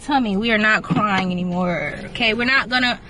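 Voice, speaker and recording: A woman's voice: mid-range voice, a little fast, sharp tone, slight background noise. A young woman vlogging casually, rambling candidly and emotionally and sometimes talking to herself. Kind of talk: casual reflective vlog chat.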